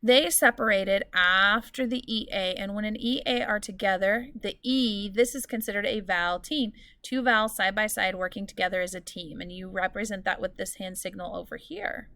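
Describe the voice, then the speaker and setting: A woman's voice: medium pitch, fairly even intonation, moderate pace, few pauses, pushed and bright, no room sound. Patient woman teacher, dry close sound. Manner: clear, patient teacherly explaining, drawing out example words. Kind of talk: recorded lesson for students.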